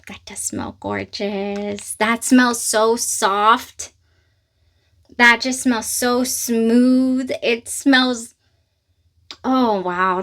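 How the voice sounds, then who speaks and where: A woman chatting casually to camera as she reviews and unboxes perfumes, gushing and excitable with lots of fillers. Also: a little high. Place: closet at home.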